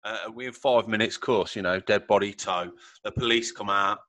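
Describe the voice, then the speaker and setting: A man hosting a podcast in a chatty, jokey way and laughing loudly. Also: lowish voice, moderate pace, no echo. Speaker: podcast host. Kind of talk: casual podcast chat.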